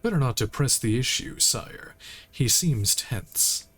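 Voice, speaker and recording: A man streaming a game, reading its text aloud in a relaxed way and making occasional asides. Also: medium pitch, slow pace, breathy edge. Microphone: streaming mic.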